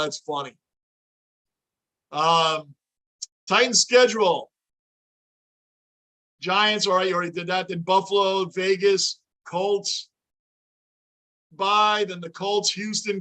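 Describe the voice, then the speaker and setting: A middle-aged man with a high voice and a bright, forceful tone hosts a sports fan livestream. He talks casually and in an animated way, cheering the players and answering viewer questions as they come in. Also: slow pace, pauses often. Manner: animated, chatty, reads viewer comments aloud. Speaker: livestream host. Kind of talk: casual fan reaction chat.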